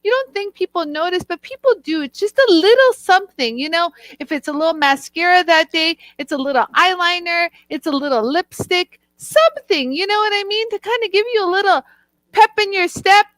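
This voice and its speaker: Woman co-host, high and bright, encouraging and playful chat. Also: brisk, no echo. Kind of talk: casual chat.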